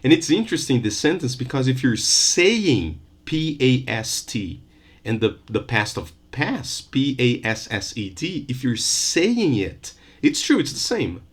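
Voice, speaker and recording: A man giving a recorded university phonetics lesson, Portuguese his first language, repeating sounds and examples deliberately. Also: mid-range voice, very animated, husky. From Brazil. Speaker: university lecturer.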